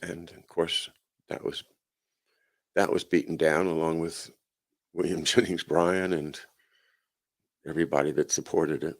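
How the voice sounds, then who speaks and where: A man's voice: deep voice, flat delivery, a little slow, vocal fry, pauses often. A male host of a live chat show, reading news aloud and adding sardonic, chuckling asides with frequent "uh"s and restarts. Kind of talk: casual livestream commentary, reading news aloud.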